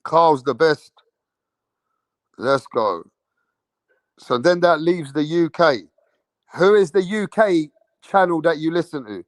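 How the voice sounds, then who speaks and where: A man's voice: a little high, expressive, slow, pauses often, dry recording, studio quality. Brash London man hosting a livestream. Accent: London English. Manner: brash, swearing, slangy, repeats himself; calls out to chat and waits for answers. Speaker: boxing channel host. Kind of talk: livestream chat with viewers.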